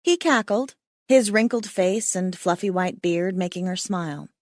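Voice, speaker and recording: A woman narrating a comic romance audiobook in a playful, expressive way. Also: on the low side, moderate pace, no echo, clean studio sound.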